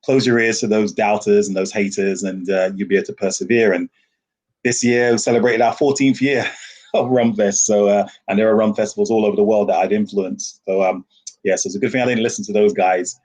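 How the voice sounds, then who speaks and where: An enthusiastic man with a low, husky voice, speaking as a podcast guest over a video call. He tells his stories with lively energy and laughs often. His delivery stays warm-blooded and emphatic. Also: fairly quick. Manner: enthusiastic, animated storyteller who laughs often. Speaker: guest, rum ambassador. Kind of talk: podcast interview.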